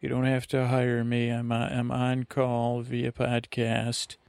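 Gravelly man rambling at bedtime. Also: medium pitch, monotone, takes it slowly, a little mellow, dry recording. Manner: meandering, self-interrupting, drowsy. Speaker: podcast host. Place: lakeside vacation spot.

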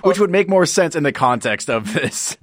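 Wry man, lively voice, dry sound. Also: fairly high pitch, moderate pace, no echo. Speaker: podcast co-host. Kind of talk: casual chat recapping a show.

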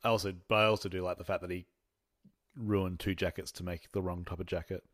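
Aussie dude laughing thru a podcast chat, lowish voice, dry close sound. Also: male voice, fairly even intonation, quick pace, fairly bright tone, dry recording. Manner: laughing often, many fillers. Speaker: podcast co-host. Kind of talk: casual chat.

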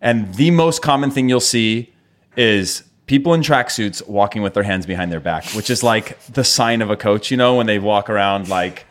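A man's voice: fairly low pitch, moderate pace, slight background noise. A man co-hosting a podcast in casual chat, rambling and playful with lots of hesitations. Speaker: podcast co-host.

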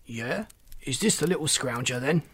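A man voicing a gruff, bossy male toad who bosses the others around in a storybook reading. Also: medium pitch, animated, moderate pace, fairly bright tone, no room sound.

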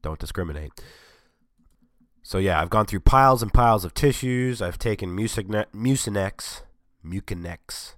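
Sarcastic, sick, low-voiced man rambling. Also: moderate pace, dry recording, clean studio sound. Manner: sarcastic, rambling, self-mocking. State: sick with a cold, voice strained. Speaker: vlogger. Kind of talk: casual chat.

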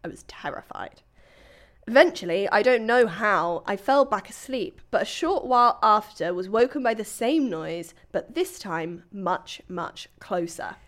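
A woman's voice: medium pitch, expressive, unhurried. A young woman co-hosting a podcast, reading a listener's story aloud in a chatty, giggly way. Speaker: podcast co-host.

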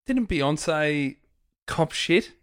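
A man's voice: a little high, expressive, very slow, smooth, no room sound, clean studio sound. A man co-hosting a comedy podcast, chiming in with quips and facts in casual banter. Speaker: podcast co-host.

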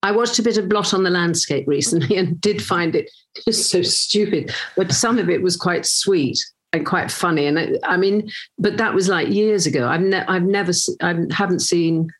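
A woman in her sixties talks casually in a fairly low voice. She tells anecdotes in a lively way, with false starts and quick asides. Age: 60s. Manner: lively storyteller, acts out quoted voices, many restarts. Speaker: actress, guest.

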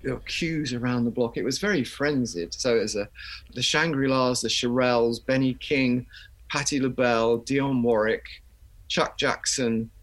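A man's voice: medium pitch, moderate pace, fairly bright tone. An older man, a musician guest, telling chatty anecdotes in an interview and laughing as he goes. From England.

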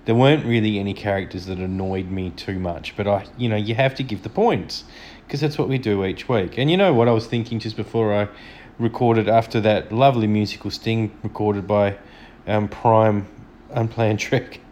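A man's voice: fairly low pitch, fairly even intonation, normal speed, a little mellow, slight background noise. A man hosting a solo podcast, chatting enthusiastically and a little self-deprecatingly as he reviews an episode from home. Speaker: podcast host. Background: dog snoring.

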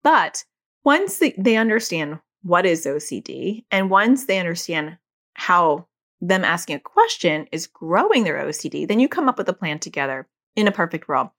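A middle-aged woman, a mother and parent educator, explaining casually and acting out quoted lines in a higher voice. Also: sing-song, moderate pace, a bit bright. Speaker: parent educator teaching about OCD.

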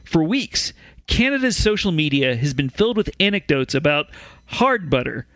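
Lively higher-voiced man reading stories. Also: moderate pace, no room sound. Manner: reads stories aloud with stumbles and restarts. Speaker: podcast co-host reading news stories. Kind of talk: comedic podcast chat.

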